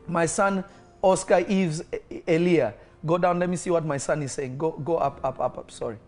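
A pastor leading a live-streamed deliverance prayer, giving commanding declarations mixed with speaking in tongues, swelling to loud fervent peaks and dropping to quick murmurs. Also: medium pitch, fairly even intonation.

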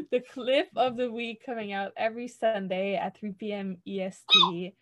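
A young woman co-hosting a podcast in casual chat, relaxed and quick to laugh, with plenty of fillers. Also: on the high side, slight background noise. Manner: laughs often, relaxed filler-heavy talk. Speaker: podcast co-host.

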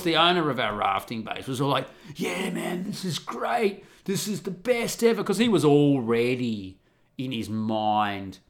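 A man casually telling a story and reading aloud, with animated, sweary, mocking outbursts. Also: medium pitch. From English-speaking, not Italian.

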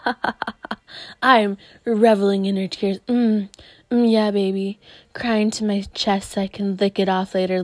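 A woman's voice: medium pitch, darkish tone, no echo, lightly acted. A woman putting on the voice of a cruel, gloating young boyfriend who mocks and fake-soothes his partner, cackling as he goes.

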